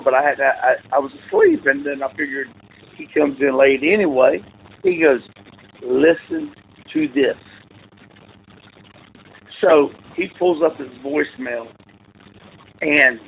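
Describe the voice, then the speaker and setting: Over tinny, phone-like call audio with faint noise, a football coach appearing as an interview guest tells rambling stories in a casual chat. His voice is a little high with vocal fry, and his anecdotes come with laughs and restarts.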